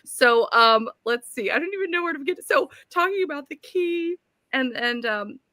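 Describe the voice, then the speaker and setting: A woman co-hosts a live book club over a video call. She gushes and laughs easily, her voice bright and lively, rising and falling a lot. The sound is dry and close, with no room around it. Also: high voice, normal speed, dry recording. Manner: gushing and emotional, laughs often. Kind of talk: casual live-stream chat.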